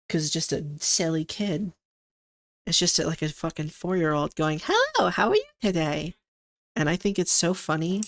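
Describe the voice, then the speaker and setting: A young Scottish woman streaming, chatting casually and swearing loosely as she reacts to videos. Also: deep voice. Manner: loose, sweary, giggly, rambling.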